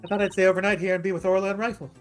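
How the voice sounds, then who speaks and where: A man's voice: high voice, level tone, racing, voice pushed up, lightly acted. A man doing a sweet young girl's voice. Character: cheerful sweet young girl assistant. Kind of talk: reading video game dialogue aloud.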